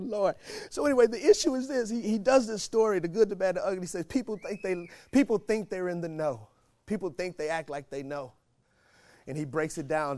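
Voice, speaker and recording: High-voiced man preaching with dry sound. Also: no room sound. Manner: swings from quiet storytelling to shouted preaching; repeats phrases for emphasis, laughs between points. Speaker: pastor. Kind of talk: sermon.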